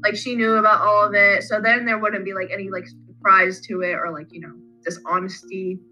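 A woman co-hosting a casual fan podcast, retelling scenes in a rambling, animated way. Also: medium pitch, a little fast, soft background music, low-quality recording. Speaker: podcast co-host.

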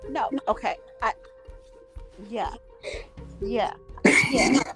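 A woman in casual podcast chat, animated and profane, laughing often as she talks. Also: fairly high pitch, very slow, gravelly, soft background music.

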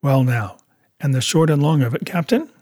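A man reading as a calm, measured doctor. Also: a little high, dry recording, clean studio sound, close to an everyday voice. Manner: measured and reasonable. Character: calm, reasoning male country doctor. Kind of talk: audiobook character reading.

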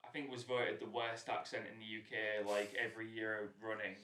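A man's voice: lowish voice, little pitch movement, fairly quick, sharp tone. A young man with a Hull accent, co-hosting a podcast in casual chat, joking and breaking into laughter. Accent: Hull English. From England. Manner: jokey, bursts into laughter. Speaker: podcast co-host. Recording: echoey room with faint noise.

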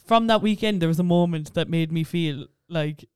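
Chatty Irish man, high smooth voice. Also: normal speed, darkish tone, dry recording, clean studio sound. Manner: chatty, lots of fillers and "yeah, yeah". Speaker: podcast co-host. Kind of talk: casual chat.

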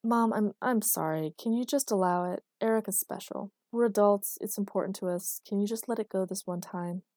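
A patient, wry grown son who explains things with gentle teasing, read by a woman narrator. The voice is warm and mellow, close and dry. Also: mid-range voice, moderate pace, no room sound, lightly acted.

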